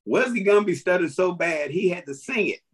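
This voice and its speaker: Speaking in a high, expressive voice at a fairly quick pace, this comedian talks as a podcast guest in a relaxed, lively way. He explains the mechanics of his jokes and laughs as he tells his stories.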